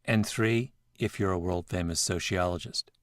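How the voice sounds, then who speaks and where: A man hosting a podcast, telling a story in scripted narration with a measured, reflective manner. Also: deep voice, over music. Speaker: podcast host.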